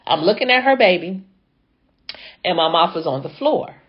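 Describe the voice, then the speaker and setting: A woman's voice: fairly low pitch, expressive, normal speed, breathy edge, highs cut off. A woman braider telling a dramatic story in a chatty, casual way, talking straight to her viewers. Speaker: hair braider.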